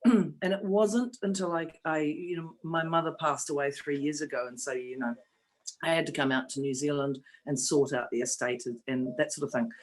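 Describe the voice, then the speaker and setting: A woman's voice: low-pitched, poor audio. A woman in her fifties, an interview guest speaking candidly and emotionally about her own experience. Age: 50s. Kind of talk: personal storytelling in an interview.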